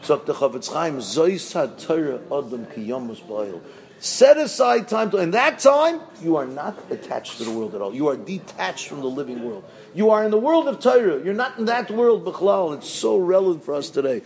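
A male rabbi delivers a lively sermon, his pitch swinging widely as he tells stories and chants repeated verses. His voice sits a bit high and carries a steady gravelly fry. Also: moderate pace, rough recording.

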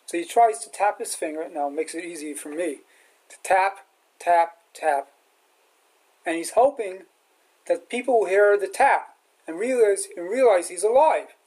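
Animated man telling a sermon story. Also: sits high, measured pace, slightly rough, rough recording. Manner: animated storyteller acting out quotes. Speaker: rabbi teacher.

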